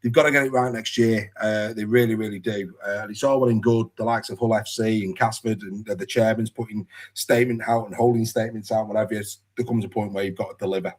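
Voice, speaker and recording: A man's voice: lowish voice, fairly even intonation, fast talker, hardly any pauses. A man hosting a casual rugby league chat show, rambling, with many restarts and fillers. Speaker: podcast host.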